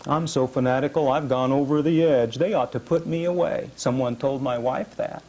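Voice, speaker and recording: A man reading his own first-person fiction aloud at a literary reading, measured and dramatic, with heavy pauses. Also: medium pitch, a little mellow. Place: reading series event.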